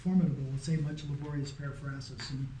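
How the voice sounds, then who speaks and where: A man's voice: mid-range voice, little pitch movement, fast, dark tone. A man teaching a small Greek class in a casual, patient way, often checking that his students follow. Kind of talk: informal classroom lesson. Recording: echoey room.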